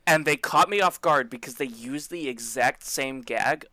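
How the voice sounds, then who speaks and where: A man's voice: mid-range voice, sharp tone, no echo. A young man co-hosting a casual podcast, joking as he recaps an anime episode. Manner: joking, talks fast when recapping. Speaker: podcast co-host. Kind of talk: casual chat.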